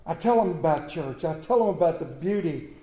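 A man's voice: fairly high pitch, expressive, brisk, mellow, reverberant. A man preaching a folksy sermon, telling homespun stories and reading scripture dramatically.

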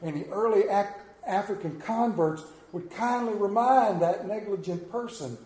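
Pastor, man, high-pitched and mellow, preaches with swelling emphasis; roomy church sound. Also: normal speed. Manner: storytelling preacher, rising and falling emphasis. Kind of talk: sermon.

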